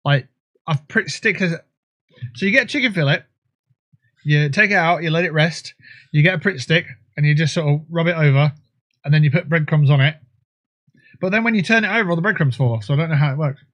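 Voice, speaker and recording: A man's voice: on the high side, brisk, long pauses, a bit bright. A man hosting a livestream, talking in a rambling, crude, jokey way while he plays a game. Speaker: livestream host. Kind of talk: casual gaming livestream chat.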